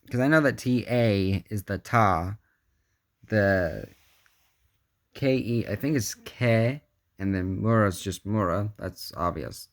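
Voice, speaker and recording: Slow, low-voiced man reviewing a toy. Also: no room sound. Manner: chatty, muttering asides while handling the figure. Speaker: action figure reviewer. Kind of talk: casual hands-on toy review.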